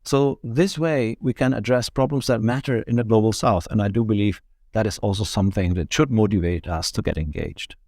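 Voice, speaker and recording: A man speaking as a guest in an interview, giving measured, point-by-point explanations as a think tank director. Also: lowish voice, darkish tone, dry recording, clean studio sound. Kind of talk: podcast interview answers.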